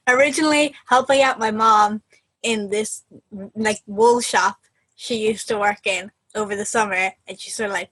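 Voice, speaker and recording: A young woman co-hosting a podcast in casual chat, laughing often and trailing off softly at the ends of lines. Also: fairly high pitch, slightly rough, low-quality recording. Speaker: podcast co-host.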